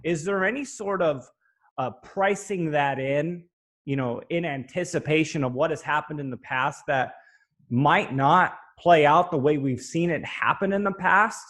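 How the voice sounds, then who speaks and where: Male host, kinda high voice, asks questions while thinking out loud. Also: measured pace. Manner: hesitant, thinking aloud while asking questions. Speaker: interview host. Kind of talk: conversational interview.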